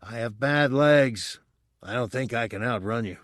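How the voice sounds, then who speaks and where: A man voicing an armored male bounty hunter, cold and terse, whose harsh, raw voice drops to a soft hush. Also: mid-range voice, measured pace, no room sound, studio quality, close to an everyday voice. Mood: measured.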